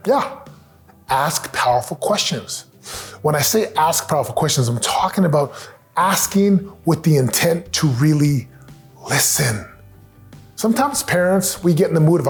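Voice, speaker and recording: A man's voice: fairly high pitch, animated, measured pace, faint music behind. A middle-aged man giving an earnest, emphatic motivational talk on family advice, acting out quotes as he goes.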